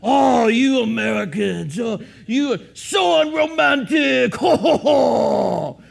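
A man's voice: extremely high pitch, expressive, slow, gravelly, exaggerated voice. A man playing a pompous, romantic Frenchman with a put-on French accent, drawn out and laughing, as a joke in a sermon. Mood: scoffing.

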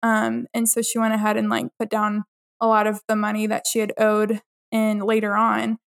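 A woman's voice: mid-range voice, monotone, normal speed. A young woman in casual podcast chat, easygoing and full of fillers.

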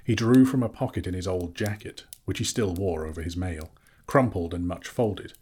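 A man's voice: deep voice, normal speed, a little mellow, slightly rough. A man reading a classic novel aloud as narrator, telling the story steadily. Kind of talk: audiobook reading.

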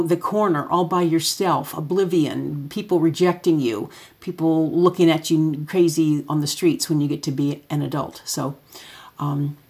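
A middle-aged woman with a deep, husky voice tells loose, chatty stories about parenting. She talks to an audience as she moves through photos, sometimes acting out her son's lines. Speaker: parent giving a talk. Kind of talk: casual spoken talk with photos.

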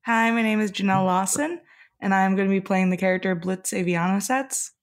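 A woman's voice: medium pitch, a little fast. A woman playing in a tabletop game, casually introducing her character in an easygoing, slightly giggly way. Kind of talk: casual chat describing a character.

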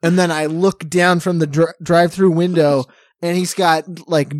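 A man co-hosting a casual podcast, joking and chiming in with quick asides. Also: a little high, fairly even intonation, no echo, studio quality. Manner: jokey, chimes in with quick asides. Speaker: podcast co-host. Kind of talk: casual chat recapping a TV show.

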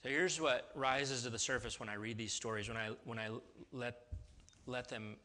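A man's voice: mid-range voice, steady tone, normal speed, sharp tone. A man preaching a sermon in a casual, conversational way, with restarts and sudden emphatic rises. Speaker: pastor.

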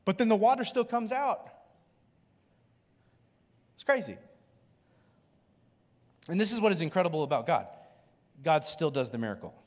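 Casual, dynamic male pastor, fairly high voice, big hall reverb. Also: animated, normal speed, long pauses. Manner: conversational, swinging from hushed to loud. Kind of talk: sermon. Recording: long reverb in a large hall.

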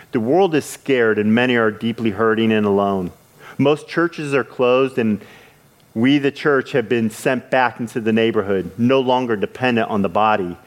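A man preaching a sermon in an earnest way, with halting restarts, his voice rising when he retells scripture scenes. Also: medium pitch.

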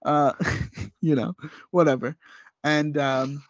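A man's voice: fairly high pitch, steady tone, slow, no room sound. A man co-hosting a podcast in casual chat, enthusiastic and rambling with lots of fillers. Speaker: podcast co-host. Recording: slightly muffled dry podcast audio.

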